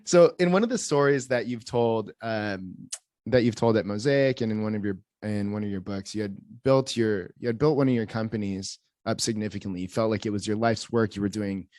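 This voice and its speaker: A man's voice: fairly low pitch, brisk, a little mellow, no echo, studio quality. A young adult man hosting a podcast, asking a long, hesitant question with restarts. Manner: searching, hesitant phrasing. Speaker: podcast host. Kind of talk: interview question.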